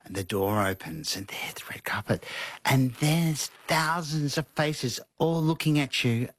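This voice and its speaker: A man, a guest in an interview, telling animated stories and acting out quotes with laughs. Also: medium pitch, measured pace. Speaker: interview guest, costume designer. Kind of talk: conversational storytelling.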